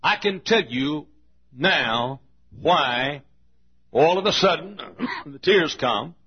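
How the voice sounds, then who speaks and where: A man preaching a sermon as pastor to his congregation, slow and emphatic, repeating key phrases and urging the listeners to pay attention. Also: a little high, lively intonation, muffled recording. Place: large auditorium.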